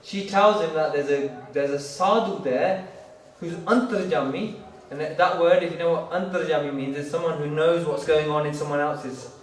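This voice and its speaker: A man's voice: fairly high pitch, moderate pace, roomy sound, far from the mic, low-quality recording. A man speaking at a gurdwara, retelling a religious story in a casual storytelling sermon, stringing it along with "he goes" and "she goes". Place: gurdwara hall.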